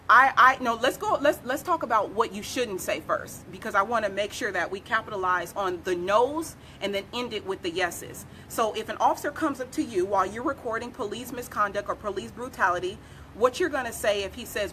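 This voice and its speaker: An American woman attorney gives live legal advice in an emphatic manner, repeating key phrases as she explains. Her fairly high voice is expressive, bright and forceful at a moderate pace, with slight background noise.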